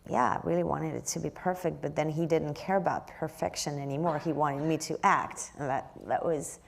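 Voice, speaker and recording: A woman's voice: sits low, fairly even intonation, moderate pace, creaky. A woman from France speaking with a French accent in an onstage interview, often restarting and searching for words. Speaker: actress guest.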